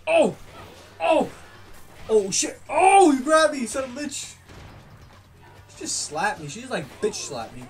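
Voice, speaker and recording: A gaming YouTuber giving loud, excitable commentary, yelling and swearing at opponents while playing. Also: high-pitched, moderate pace, breathy edge, far from the mic, soft background music.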